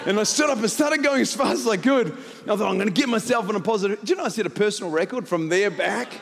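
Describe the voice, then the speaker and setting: A middle-aged male pastor, telling a story in a sermon, laughing often and building to shouts. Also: high voice, expressive, fast, vocal fry, big-room sound, some chatter behind.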